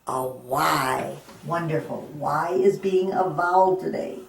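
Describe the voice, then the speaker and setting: A middle-aged woman leads a children's phonics lesson in a slow, sing-song teacherly voice. Her pitch sits a little low, and she takes her time over every sound. The recording carries noticeable room echo. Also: gravelly. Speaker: reading teacher.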